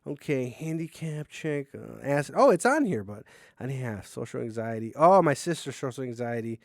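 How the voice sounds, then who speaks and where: A man's voice: mid-range voice, sing-song, creaky, dry recording. Man, solo podcast host, casual storytelling, profane, joking, dry room. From Mexican-American. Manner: rambling, profane, joking, quick swings in loudness. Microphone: camera on a desk, seen on video.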